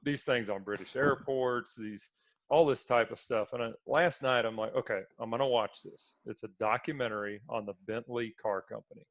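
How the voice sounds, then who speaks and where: A man's voice: medium pitch, steady tone, moderate pace, no echo. A man co-hosting a sports podcast, chatting casually and laughing his way through a story. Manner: storytelling, laughs while talking. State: feeling sick. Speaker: podcast co-host. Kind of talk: casual chat.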